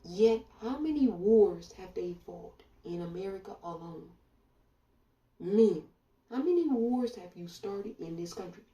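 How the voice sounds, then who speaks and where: A woman delivers a blunt, sardonic monologue with a dark, mellow tone. Her voice sits a little back from the mic. The room gives it an echoey ring. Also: mid-range voice, lively intonation, unhurried. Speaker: commentator. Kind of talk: opinion monologue. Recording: roomy sound from a distance.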